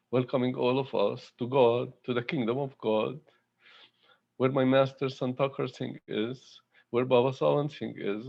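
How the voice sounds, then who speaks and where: Slow, heartfelt man giving a devotional talk. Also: mid-range voice, vocal fry, muffled recording. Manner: slow, halting, heartfelt, with many fillers. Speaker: satsang speaker. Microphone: video call.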